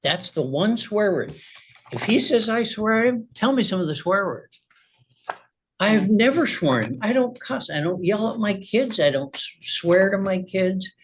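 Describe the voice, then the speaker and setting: A man's voice: sits high, expressive, measured pace, breathy edge, dull audio. A man speaking as a litigant in a courtroom, telling his side of the story in a rambling, agitated way full of restarts. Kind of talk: testimony in a courtroom.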